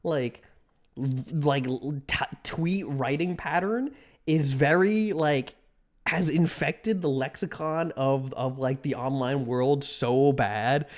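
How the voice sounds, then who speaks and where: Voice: medium pitch, slow, a little mellow. A livestreamer chatting casually with viewers, rambling with many restarts and filler words.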